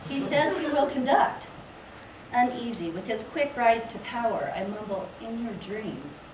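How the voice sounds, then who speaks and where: A woman reading her poetry aloud at a public library event in a measured, lyrical way. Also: a little high, lively intonation, a crowd in the background. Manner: slow, measured, lyrical delivery. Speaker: poet reading her work. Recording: echoey room, distant mic, background noise.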